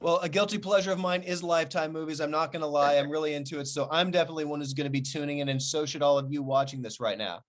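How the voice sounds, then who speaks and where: A man's voice: a little high, steady tone, very fast, hardly any pauses. A man hosting an interview show, chatting with a guest in an enthusiastic, chummy way. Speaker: talk show host. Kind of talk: casual interview chat.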